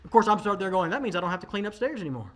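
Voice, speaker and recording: A man's voice: sits high, sing-song, racing, noisy background. A man, preaching a sermon in a conversational, emphatic way, talking straight to the congregation. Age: 40s. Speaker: pastor.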